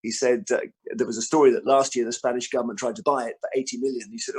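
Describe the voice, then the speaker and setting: Male author, book festival interview, lively storyteller, mid-pitch, lots of restarts. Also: rapid-fire, slightly rough. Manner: animated storyteller, acts out quotes; frequent restarts and fillers.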